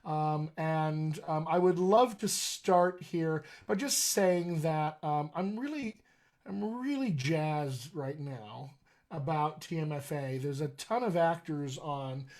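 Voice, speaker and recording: A man's voice: on the high side, lively intonation, takes it slowly, a little mellow. Chatty male dialect coach on a live stream. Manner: chatty, many ums, pleading repetitions. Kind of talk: live-streamed talk to an online group.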